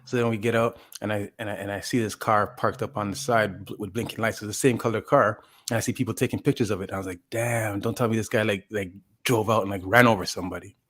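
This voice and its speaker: A man with a fairly low voice tells a long, winding story in casual chat. He rambles, restarts his sentences and fills them with "like" as he acts out what people said. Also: fairly even intonation, fast, a bit bright. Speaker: podcast co-host.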